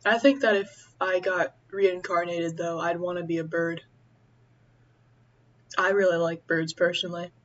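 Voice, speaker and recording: A young woman chatting casually as she eats, rambling and halting with many fillers. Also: lowish voice, steady tone, muffled recording. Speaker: vlogger. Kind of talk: casual chat while eating.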